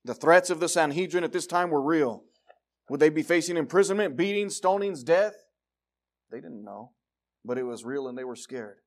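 A male preacher giving a sermon, reading scripture and moving from loud declarations to quiet asides. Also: on the high side, lively intonation, normal speed. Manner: reads scripture aloud in King James wording.

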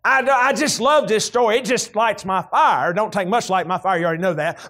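A pastor with a high voice and a Southern US accent preaches a folksy sermon, talking as if telling a story to friends. He speaks quickly with few pauses, and when he gets worked up his voice climbs and breaks into loud shouts.

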